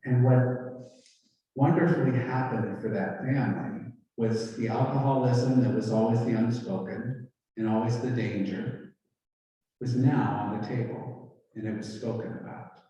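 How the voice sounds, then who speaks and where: A man's voice: mid-range voice, steady tone, unhurried, warm tone, muffled recording. A male pastor telling a story in a conversational way, acting out the dialogue. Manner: conversational retelling with quoted dialogue. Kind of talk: storytelling talk. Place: church hall. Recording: echoey hall, mic far off.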